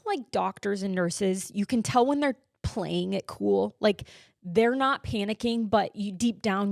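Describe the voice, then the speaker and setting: A woman hosting a podcast, telling a personal story in an emotional, animated way with many fillers. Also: medium pitch, no echo, studio quality. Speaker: podcast host.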